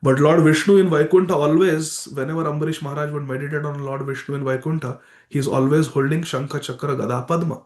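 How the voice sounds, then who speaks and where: A man teaching a morning scripture class in a temple, retelling stories emphatically with devotional exclamations. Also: fairly high pitch. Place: temple hall. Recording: echoey temple hall.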